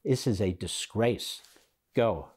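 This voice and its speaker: A man's voice: on the low side, slow pace, darkish tone, breathy edge. A man hosting a political commentary show, reacting to clips in a sarcastic, indignant monologue.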